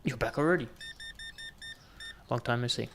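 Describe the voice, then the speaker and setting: A man gives relaxed gameplay commentary, trading jokey banter with customers on screen. His voice has a gravelly, creaky edge at an ordinary pitch. Clicks and cash-register sounds from the game are clearly heard behind him. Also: moderate pace, noisy background. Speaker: gaming video host.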